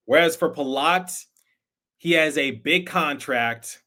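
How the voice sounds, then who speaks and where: A man's voice: medium pitch, pushed and bright. A man hosting a sports podcast, giving conversational, emphatic opinion commentary with some repeated words. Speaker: podcast host.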